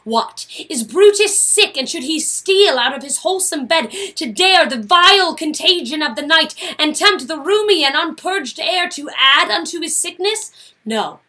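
A woman voicing Portia, a proud, sharp-tongued Roman noblewoman and wife of Brutus, speaking with indignation. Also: on the high side, lively intonation, moderate pace, breathy edge. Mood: pleading. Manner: indignant, speaks of herself from the afterlife.

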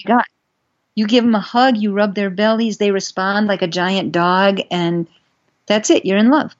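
A woman, a guest on a podcast, telling stories in an earnest, gentle way and getting animated as she goes, on a dull lo-fi recording. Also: mid-range voice, moderate pace. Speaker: guest, animal rights advocate. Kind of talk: conversational podcast storytelling. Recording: dull lo-fi sound.

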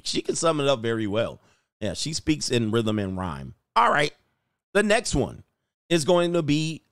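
A man's voice: medium pitch, very animated, a little slow, no echo, clean studio sound. A man commentating on videos in a mocking, casual way, chuckling as he goes. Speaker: YouTube commentator.

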